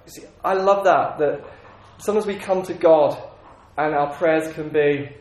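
A man's voice: a little high, a little slow, a little mellow. Man preaching in an echoey room. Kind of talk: sermon.

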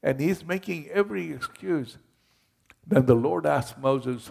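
A man's voice: on the high side, a little slow, gravelly, darkish tone, husky. A man as pastor, giving a conversational sermon that retells scripture in everyday words.

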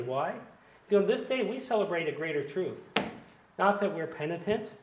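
A man, a pastor, preaching a sermon with emphasis, swinging between hushed and loud delivery. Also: high-pitched. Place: church sanctuary. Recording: echoey church room.

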